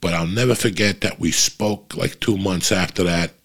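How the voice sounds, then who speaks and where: Middle-aged man, very low and husky, casual foul-mouthed monologue. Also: normal speed, a bit bright. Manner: profane, rambling, frequent restarts.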